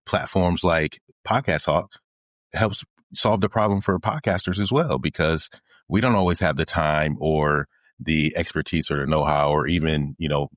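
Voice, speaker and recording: A man's voice: rumbling low, no room sound, studio quality. A man hosting an interview podcast, telling stories in a casual way, quoting past conversations and often restarting his sentences. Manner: storytelling, quotes past conversations, many restarts. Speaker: podcast host.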